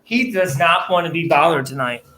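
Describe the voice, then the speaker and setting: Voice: mid-range voice, normal speed, sharp tone. A co-host on a live stream, chatting casually and easily in a back-and-forth. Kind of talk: casual chat.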